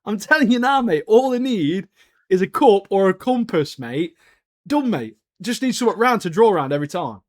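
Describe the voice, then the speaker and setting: A man's voice: sits high, lively intonation, moderate pace, dry recording, clean studio sound. A man, co-hosting a podcast in casual, jokey banter and ending phrases with "mate". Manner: laid-back and jokey, ends phrases with "mate". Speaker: podcast co-host. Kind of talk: casual banter about anime and TV.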